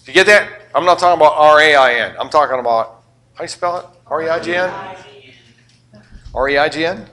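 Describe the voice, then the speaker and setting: An older man preaching a sermon, firing questions at the congregation and swinging between loud emphatic lines and quiet asides. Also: fairly high pitch, a little fast, long pauses. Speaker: pastor.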